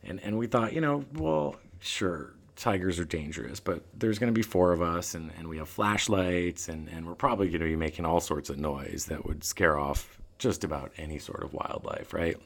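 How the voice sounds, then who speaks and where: A man telling a travel story in a casual chat, animated and acting out what people said. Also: low voice, normal speed, gravelly, few pauses. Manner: animated, laughing, acts out quoted lines. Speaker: guest storyteller.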